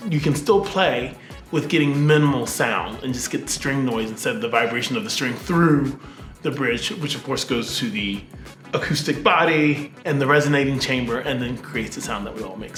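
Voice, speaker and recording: A man, a double bass player, chatting casually to camera at night in his apartment, rambling and poking fun at himself. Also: fairly bright tone, roomy sound. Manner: chatty, rambling, self-mocking.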